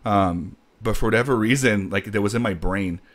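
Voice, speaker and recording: A man hosting a casual podcast, telling a story in a rambling, animated way. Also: lowish voice, moderate pace. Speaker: podcast host. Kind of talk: casual chat.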